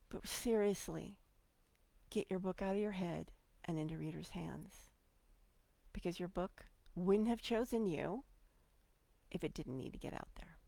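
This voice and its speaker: Animated woman host, dry close sound. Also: lowish voice, a little slow, gravelly, long pauses, dry recording. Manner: animated, playful, jumps between loud and quiet. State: getting emotional. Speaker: podcast host. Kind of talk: motivational solo talk.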